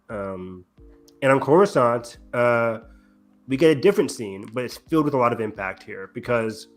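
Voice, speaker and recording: Male podcast co-host, casual and excitable recapper; light music bed. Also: medium pitch. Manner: excited, quick recaps with frequent ums. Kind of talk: casual chat.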